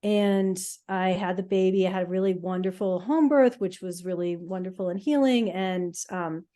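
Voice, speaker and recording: A middle-aged woman, a podcast co-host, telling her own healing story in an emotional, halting way with many fillers. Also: medium pitch, dark tone. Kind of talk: casual personal storytelling.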